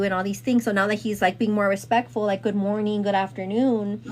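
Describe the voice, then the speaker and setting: A woman host retelling a story in casual chat, rambling and animated, with lots of fillers. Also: medium pitch, brisk, few pauses.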